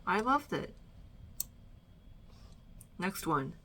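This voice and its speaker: A woman's voice: lowish voice, sing-song, drawn-out words, bright, forceful tone, slightly rough. A young woman ranking movies she has watched in a casual, rambling chat from her bedroom, a little out of breath. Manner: chatty, rambling, fillers and trailing restarts. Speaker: vlogger.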